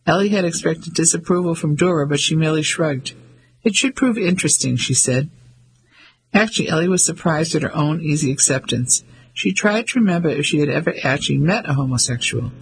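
A man narrating a novel in an even, measured reading. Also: a little high, a little hiss or hum, poor audio. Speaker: audiobook narrator. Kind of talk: scripted narration.

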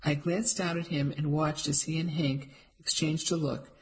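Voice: mid-range voice, steady tone, normal speed, poor audio. A narrator reading a cozy mystery aloud in the first person, with a light, wry delivery.

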